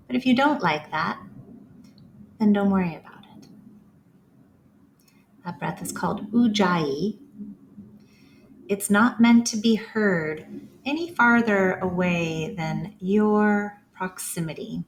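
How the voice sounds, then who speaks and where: Slow, soothing woman guiding breathing. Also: medium pitch, slight background noise. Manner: slow, soothing, gentle guidance with pauses. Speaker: breathing instructor. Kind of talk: guided breathing practice.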